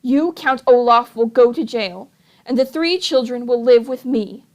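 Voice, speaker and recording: A woman's voice: on the high side, unhurried, natural voice. A woman voicing a kind, indignant female judge in a storybook reading, firm and fond. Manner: indignant then warm.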